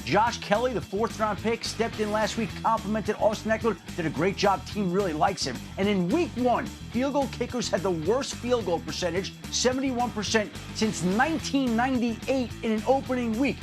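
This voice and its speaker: A man delivering a rapid sports news briefing as a league reporter, in a brisk, clipped way. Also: high voice, music in the background. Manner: brisk, clipped list of updates.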